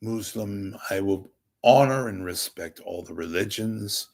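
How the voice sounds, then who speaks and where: A hoarse, congested man with a crackling voice, hosting his own show in a rambling comic monologue, joking at his own expense and swinging from loud to hushed. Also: on the low side, measured pace. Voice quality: gravelly, crackling. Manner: wisecracking, self-deprecating, swings from loud to hushed. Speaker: podcast host asking for donations.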